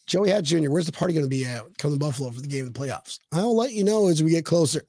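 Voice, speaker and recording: A man co-hosting a casual sports podcast livestream, excitable, stammering through restarts and reading out viewer comments. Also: on the high side, quick pace, no echo. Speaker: podcast co-host.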